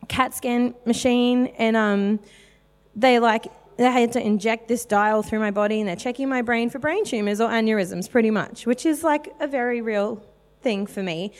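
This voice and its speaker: Woman in her 30s, preacher, casual testimony, slightly high voice, hall reverb. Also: normal speed. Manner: candid and chatty, many fillers. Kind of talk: personal testimony sermon.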